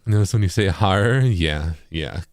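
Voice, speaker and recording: A man with an East Coast accent giving a casual tutorial, relaxed and full of fillers, sounding words out as examples. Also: low voice, unhurried, dry recording, clean studio sound. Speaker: music producer and streamer.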